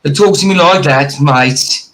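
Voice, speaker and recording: A man's voice: fairly high pitch, a little slow, fairly bright tone, poor audio. A man chatting casually and teasing people while reacting to a video. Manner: joking, teasing, playful sing-song. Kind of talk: casual banter.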